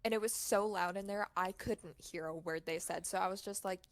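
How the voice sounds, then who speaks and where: A young woman in casual podcast chat, telling stories in a lively, chatty way and playing out what others said. Her voice sits at an ordinary pitch for a woman. The sound is close and dry, with no room echo. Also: fairly quick. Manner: chatty storytelling, acts out quoted lines, laughs often. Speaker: podcast co-host.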